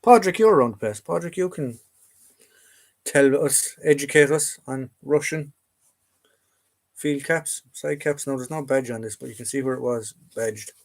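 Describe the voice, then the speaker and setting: A man's voice: mid-range voice, moderate pace. A man with an Irish accent hosting a casual live chat from home, rambling and chatty with lots of fillers and restarts. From Ireland. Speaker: live-stream host. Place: home room full of collectibles.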